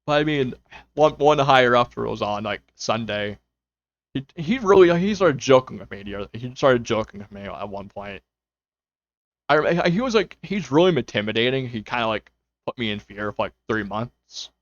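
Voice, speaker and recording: Rambling casually to his stream viewers from home, this young man leans on fillers and quotes his own thoughts aloud. He speaks at a moderate pace in a mid-range voice with lively intonation, and the recording is dry. A dull lo-fi mic picks him up over faint music.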